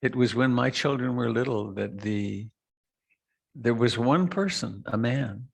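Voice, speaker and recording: A middle-aged man giving a reflective meditation talk, slow and soft, with long pauses and trailing lines. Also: mid-range voice, vocal fry, husky. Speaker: meditation teacher. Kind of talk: dharma talk.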